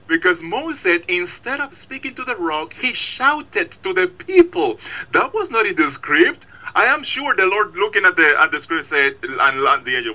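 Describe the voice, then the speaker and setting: A man's voice: on the high side, expressive, moderate pace, pushed and bright, low-quality recording. A man preaching a sermon, emphatic and repetitive, acting out stories.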